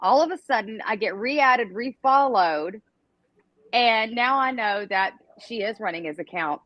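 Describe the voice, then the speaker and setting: A woman co-hosting a casual live chat, excitable and quick to swear. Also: a little high, no room sound, dull audio.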